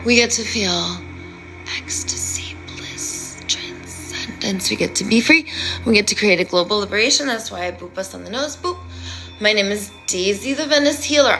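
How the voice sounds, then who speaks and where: Bright, theatrical woman streamer. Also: medium pitch, poor audio. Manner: rambling, playful, dramatic, swings between loud and hushed. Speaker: self-styled healer and live streamer. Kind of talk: theatrical live-stream monologue.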